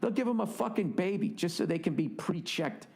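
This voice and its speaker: A man's voice: high voice, lively intonation, brisk, creaky, a little mellow. A man hosting a podcast, delivering an exasperated, heavily profane solo rant with sarcastic, mocking asides. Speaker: podcast host.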